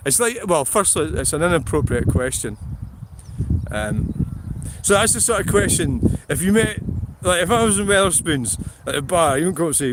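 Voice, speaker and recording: Background noise surrounds a middle-aged Scottish vlogger as he rambles bluntly on a livestream from a field, swearing and laughing often. He has a sing-song voice on the high side and speaks at a moderate pace.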